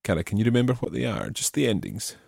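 A man's voice: on the low side, huge pitch swings, fast, gravelly, a little mellow, breathy edge, dry recording, clean studio sound. A man teaching a Spanish lesson, patiently explaining step by step and prompting his student. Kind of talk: spoken language lesson.

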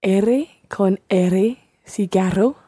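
A woman's voice: medium pitch, slow, warm tone, slightly rough, no room sound, studio quality. A woman taking part in a language lesson as the learner, carefully repeating phrases after the teacher.

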